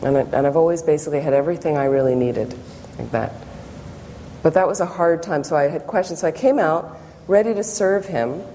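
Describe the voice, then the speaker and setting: A woman's voice: low voice, a little fast, mellow. A Buddhist nun giving a public talk, telling personal stories and acting out her own inner thoughts. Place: meditation center hall. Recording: long hall reverb, faint background noise.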